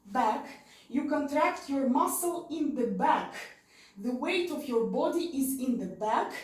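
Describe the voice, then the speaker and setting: A woman's voice: sits high, a little mellow. A woman teaching an online dance lesson, counting beats aloud and repeating her cues. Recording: roomy sound from far off.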